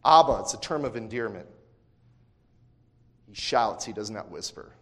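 A male pastor preaching a sermon, talking in a conversational way with asides and restarts, then swinging from quiet to loud emphasis. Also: lowish voice, animated, normal speed. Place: church sanctuary. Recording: long church hall reverb.

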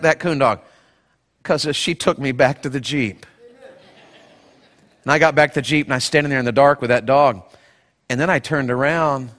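A man's voice: mid-range voice, fairly bright tone, in a large hall. A male pastor preaching a sermon, telling a folksy personal story and acting out the voices in it.

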